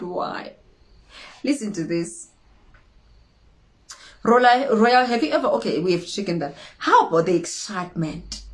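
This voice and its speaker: Slow, expressive woman host. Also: mid-range voice. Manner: expressive, dramatic acted-out quotes, emphatic repetition. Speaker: inspirational show host. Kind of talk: inspirational talk.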